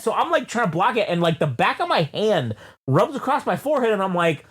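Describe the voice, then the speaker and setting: A man co-hosting a loose album review chat, his pitch swinging widely as he rambles through a story. He swears constantly, laughs often, and jumps into loud, high, yelled quotes of himself. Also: sing-song, brisk, breathy edge. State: sweaty. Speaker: podcast co-host reviewing an album. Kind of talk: casual chat, animated storytelling.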